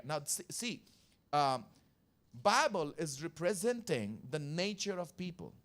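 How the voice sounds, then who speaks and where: Pastor guy from india preaching, pretty high voice, keeps repeating himself and asking the crowd stuff. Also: sing-song, a little slow, a bit bright. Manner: emphatic, repetitive, questions the congregation. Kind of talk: sermon. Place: church service.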